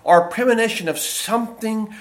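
A pastor with a drawl and a high, light voice delivers a sermon. He leans hard on key phrases, slowing down to hammer them home, then slips into folksy asides. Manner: emphatic preaching, slows and stresses key phrases; folksy asides and personal stories.

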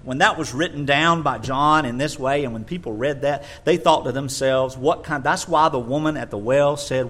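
A man delivers a sermon in a mid-range voice, working through verses one by one. He hammers key words again and again for emphasis, swinging from loud declarations down to near-murmurs. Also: mid-range voice, normal speed, hardly any pauses. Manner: emphatic, repeats words for stress, wide swings in loudness. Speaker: preacher. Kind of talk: sermon teaching from scripture.

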